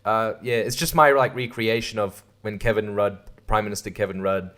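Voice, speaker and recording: A podcast host with a fairly low, steady, slightly bright voice speaks at normal speed. He riffs through a casual comedic monologue that's crude and irreverent, laughing at his own jokes.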